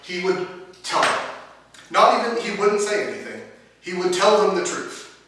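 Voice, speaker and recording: A man's voice: high-pitched, big pitch swings, moderate pace, background noise. A man giving a chatty, casual classroom talk to a small group. He laughs often and restarts his sentences. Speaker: teacher. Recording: echoey room from a distance.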